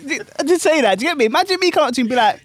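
A young man, a club DJ telling animated stories in casual chat full of slang. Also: extremely high pitch, very fast, no room sound. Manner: animated, laughing anecdotes with British slang.

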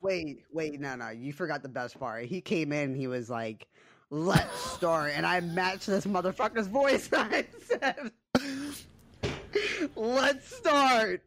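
A young man co-hosting a podcast, telling stories in an animated, profane way with frequent laughter. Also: fairly high pitch, measured pace. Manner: animated storytelling, swearing, laughing often. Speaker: podcast co-host. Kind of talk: casual chat.

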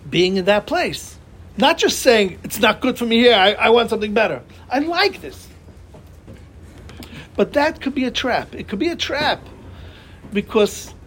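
A man's voice: extremely high pitch, slight background noise. A man giving a Torah class, talking animatedly and asking his listeners rhetorical questions. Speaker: Torah teacher.

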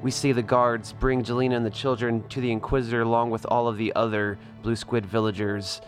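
A man's voice: mid-range voice, level tone, fairly quick, soft background music. A man narrating as game master in a tabletop game, describing scenes with many fillers.

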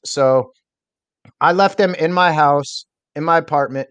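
A man's voice: fairly high pitch, moderate pace, dry recording, dull audio. Candid young man telling a story. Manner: candid, rambling storytelling with many fillers. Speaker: guest. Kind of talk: personal story in a podcast interview.

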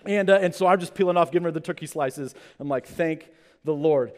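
A man's voice: high-pitched, quick pace. A man in his thirties, a pastor telling a comic personal story in his sermon, acting out the people in it. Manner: animated, comic storytelling with acted-out quotes. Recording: long hall reverb.

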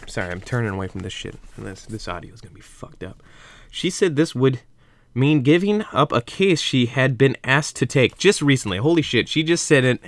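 A man's voice: mid-range voice, dry recording. A young man reading a book aloud, rambling off into profane asides and drinking vodka as he goes, into a computer mic at a desk. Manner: rambling, profane, self-interrupting. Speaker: reader and host.

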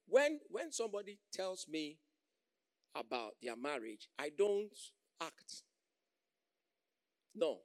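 A man preaching a sermon as pastor, calling for amens, acting out quoted voices and swinging between loud calls and soft asides. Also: mid-range voice, no room sound, clean studio sound.

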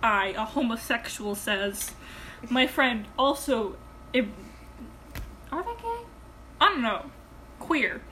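Bright-voiced rambling teen girl. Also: on the high side, slow pace, long pauses, a little hiss or hum, rough recording. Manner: rambling, deadpan, swears often. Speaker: podcast co-host. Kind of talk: casual chat.

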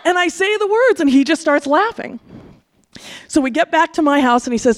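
A woman, telling a frank, profane personal story with lively delivery. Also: high-pitched, moderate pace. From California, USA.

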